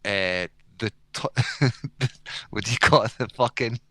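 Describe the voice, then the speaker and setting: A man's voice: lowish voice, slow, sharp tone, dry recording, studio quality. A man co-hosting a podcast in casual chat, swearing heavily and ranting with frequent laughs. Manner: profane, ranting, laughs often. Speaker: podcast co-host.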